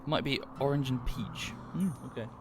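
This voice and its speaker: A man's voice: medium pitch, normal speed, noisy background. A man chatting casually to viewers during a livestream, rambling and thanking them as he goes.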